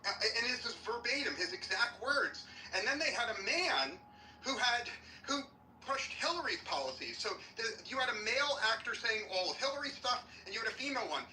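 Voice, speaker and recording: A combative man argues his point with blunt, profane force. His voice is very bright and sharp, heard from a distance in a roomy, echoey space with a faint hiss behind it. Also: very high-pitched, very animated, brisk. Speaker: audience speaker on a live audio chat room. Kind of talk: heated debate talk.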